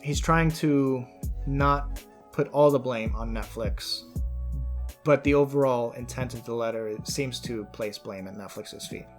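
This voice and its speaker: A man's voice: medium pitch, a little slow, faint music behind. Casual male commentary host. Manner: conversational with frequent fillers and restarts. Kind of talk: casual commentary, reading a letter aloud.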